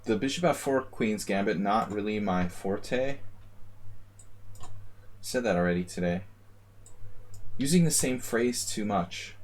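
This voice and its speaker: A man's voice: on the low side, lively intonation, measured pace, long pauses, a little hiss or hum. A man streaming a chess simul, thinking aloud and muttering moves in casual commentary.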